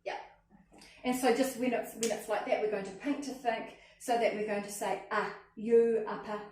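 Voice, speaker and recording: A woman's voice: on the high side, steady tone, moderate pace, darkish tone. A woman leading a hands-on teaching workshop as a literacy trainer, upbeat and often checking in with "okay?" and "cool?". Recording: echoey room, mic at a distance, faint noise.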